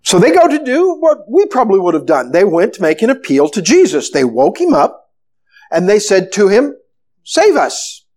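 A man preaching a sermon, retelling a story with animated, storytelling delivery. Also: high-pitched. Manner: animated storytelling, acting out the disciples' panic. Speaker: pastor.

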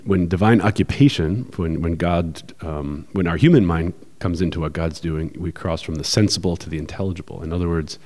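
Very deep-voiced man explaining ideas. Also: a little mellow. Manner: explanatory, thoughtful, with many fillers. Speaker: podcast co-host. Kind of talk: casual discussion.

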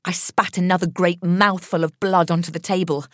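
A woman narrating a horror story in a measured, expressive reading voice. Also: lowish voice, dry recording, clean studio sound.

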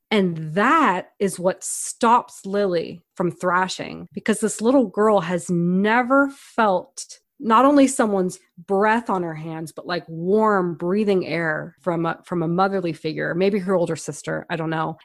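A woman chats through a film on a casual review podcast, retelling one scene beat by beat and slipping into quoted lines as she goes. Her voice sits at an ordinary middle pitch for a woman. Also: no room sound, clean studio sound. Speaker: podcast co-host. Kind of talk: casual movie review chat.

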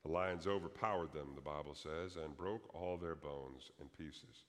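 A man's voice: a bass voice, normal speed, big-room sound. A man preaching a sermon as pastor, telling a story dramatically and acting out the quoted prayers.

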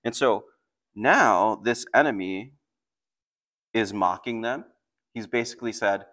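A man's voice: on the low side, lively intonation, a little slow, long pauses, a bit bright. A man preaching a sermon, explaining a passage and reading scripture aloud with rising intensity. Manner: reads scripture aloud with raised intensity between plain explanation. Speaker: pastor.

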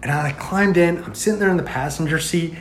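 A man in casual chat, telling a story in an animated way, filling his talk with "like" and acting out what people said. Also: on the high side, fast talker. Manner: animated storyteller, heavy use of "like", acts out quoted lines. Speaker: podcast guest telling a story.

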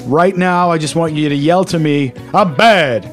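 Chatty man, a bit high. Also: fairly even intonation, moderate pace, soft background music. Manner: loose, sweary, chatty. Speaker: podcast co-host. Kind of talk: casual chat.

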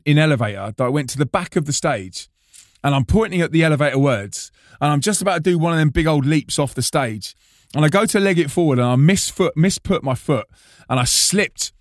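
A man, a preacher and band frontman, telling a story in an animated, self-mocking way, often restarting and repeating his words. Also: fairly high pitch, dry recording, clean studio sound. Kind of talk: storytelling monologue.

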